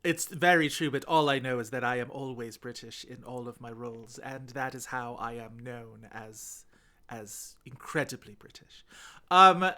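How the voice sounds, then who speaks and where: A man's voice: medium pitch, normal speed, pushed and bright. A man co-hosting a podcast, talking in a chatty, rambling way full of fillers. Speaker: podcast co-host. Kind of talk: casual chat.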